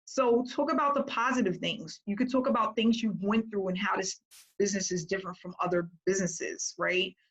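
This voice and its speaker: A woman business coach talking to her group in a casual, energetic way, often checking in with "right?". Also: medium pitch, a little fast, husky, poor audio.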